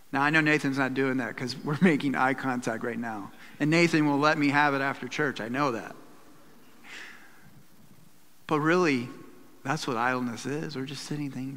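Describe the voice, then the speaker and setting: A man's voice: mid-range voice, lively intonation, fairly quick, a bit bright, in a large hall. A man preaching a sermon to a church, breaking into acted asides and quoted voices. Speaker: pastor. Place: church hall.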